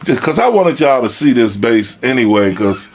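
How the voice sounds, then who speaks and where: A man's voice: medium pitch, big pitch swings, normal speed, a crowd in the background. A man hosting a casual chat in a basement, laid-back and chatty, laughing often. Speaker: host.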